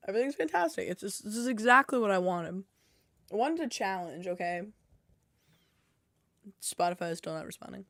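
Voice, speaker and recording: Flustered woman streamer, lively voice. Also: medium pitch, moderate pace, pauses often, no room sound. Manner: self-deprecating, flustered, talks to herself. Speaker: game dev streamer. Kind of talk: casual livestream chat. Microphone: headset.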